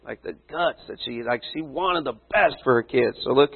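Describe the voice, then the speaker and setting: A man's voice: medium pitch, normal speed, gravelly, husky. A man preaching a sermon in a casual, conversational way, full of asides and rhetorical questions. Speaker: pastor. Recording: tinny phone-like sound.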